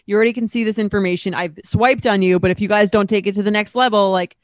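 A woman's voice: medium pitch, steady tone, fast talker, dry recording. Chatty woman podcast co-host. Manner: chatty, lots of "like" fillers. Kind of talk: casual chat and reading aloud.

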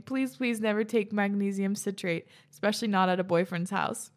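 A woman's voice: mid-range voice, fairly even intonation, fairly quick, few pauses, fairly bright tone. A young woman host reading listeners' stories aloud and reacting between them, chatty and laughing often, swearing casually.

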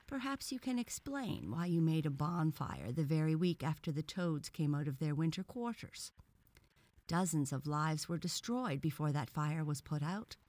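A woman's voice: sits low, very animated, moderate pace, a little mellow, no echo. A woman voicing a pompous male frog professor who lectures in a formal, stern way. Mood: lecturing.

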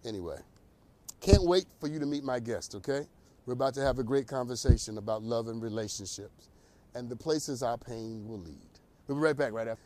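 A man hosting a talk show, delivering an animated, preacherly monologue. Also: medium pitch, a little fast. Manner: animated, preacherly, laughs at own jokes. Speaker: host.

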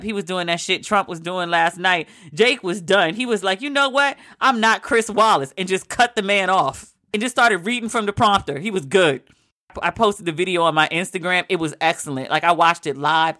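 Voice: mid-range voice, pushed and bright. An American podcast host in a profane, exasperated comedic rant, firing off incredulous rhetorical questions. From United States.

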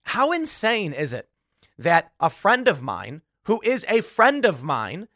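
A male commentator speaks in a high, bright voice and sounds animated. He often laughs while he reads. The sound is dry and close to the mic. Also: slow pace, no room sound. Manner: animated, laughs while reading jokes aloud. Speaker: host. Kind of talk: political commentary.

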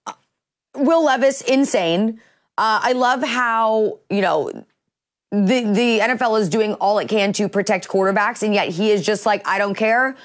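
A woman's voice: medium pitch, measured pace. Woman morning-show host leading banter. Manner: steady, leads topics with "uh" fillers. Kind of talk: casual talk-show banter.

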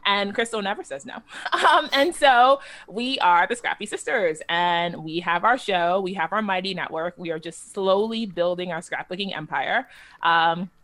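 A woman guest on a casual podcast interview, telling stories in a lively, self-mocking way and laughing mid-sentence. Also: medium pitch.

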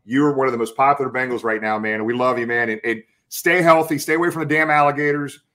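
Excitable fan host calling everyone brother. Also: male voice, mid-range voice, quick pace. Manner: excitable, enthusiastic, keeps saying brother and man. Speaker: podcast host. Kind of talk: casual chat.

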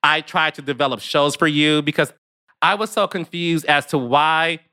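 A man's voice: on the high side, fairly even intonation, normal speed, sharp tone. A man hosting a podcast interview, talking in an emphatic, theatrical and affectionate way. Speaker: podcast host. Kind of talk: casual interview chat.

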